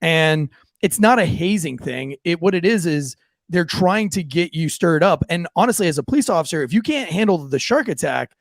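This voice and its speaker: A man co-hosting a casual podcast, an animated storyteller who acts out the people in his stories. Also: on the high side, moderate pace, no room sound, clean studio sound. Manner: animated storyteller, acts out shouting drill sergeants. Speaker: podcast co-host, police officer.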